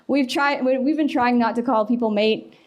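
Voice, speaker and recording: Brief: young woman, slightly high voice, casual chatty conference speaker, laughs easily. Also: normal speed. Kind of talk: conference talk. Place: conference hall.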